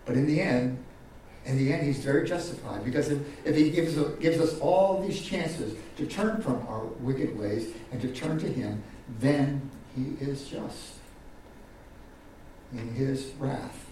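A man's voice: a little slow, distant mic, slight background noise. Man preaching in an echoey hall. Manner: preaching with wide swings in pitch and loudness, repeating words. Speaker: pastor. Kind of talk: sermon.

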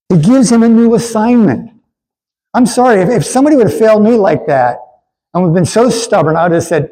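Man, pastor, sermon, earnest, stammering restarts, slightly high, husky voice. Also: dark tone, poor audio. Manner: earnest, stammering restarts, calls for congregation response.

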